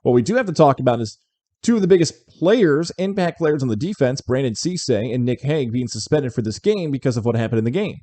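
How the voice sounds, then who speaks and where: Mellow-voiced man hosting sports talk. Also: mid-range voice, a little fast, no room sound. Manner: animated, fires off rhetorical questions. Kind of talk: opinionated sports commentary. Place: local show in upstate New York.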